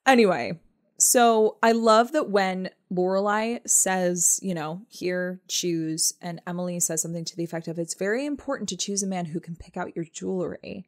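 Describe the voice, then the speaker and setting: A woman's voice: fairly low pitch, moderate pace. A young woman co-hosting a podcast, chatting casually about a TV episode, laughing often and acting out lines. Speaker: podcast co-host. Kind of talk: casual chat recapping a TV episode.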